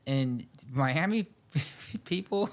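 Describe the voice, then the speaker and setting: A man's voice: fairly high pitch, lively intonation, very slow. A young man co-hosting a podcast, telling a rambling, profane anecdote in casual chat, full of "like" and quoted dialogue. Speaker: podcast co-host.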